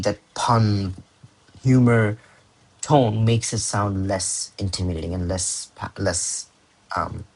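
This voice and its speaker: Young guy tutoring english, husky lowish voice, super casual and chatty, lots of um and self-corrections. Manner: chatty, informal, self-correcting with fillers and slang. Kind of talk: casual teaching explanation.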